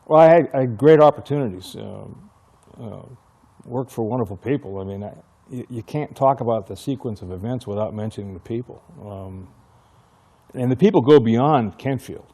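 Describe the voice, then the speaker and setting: A man's voice: mid-range voice, moderate pace, dark tone. An older man, a retired fire chief, telling stories from his career in an oral history interview and acting out the dialogue he remembers. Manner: reminiscing storyteller who acts out remembered dialogue.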